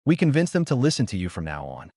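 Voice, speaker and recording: A man voicing an aloof teenage ninja boy who speaks curtly and calmly in a fan-fiction reading. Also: mid-range voice, fast, no room sound, studio quality. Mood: cold. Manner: curt and calm.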